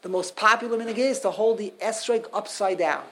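A man's voice: high voice, brisk, sharp tone. Male teacher, informal class, repeats himself and throws questions to the room.

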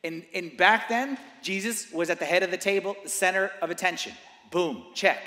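A man preaching a sermon in a church, swinging from hushed passages to loud emphatic bursts and hammering points home with repeated phrases. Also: high-pitched, moderate pace, hardly any pauses. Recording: echoey church hall with long reverb.

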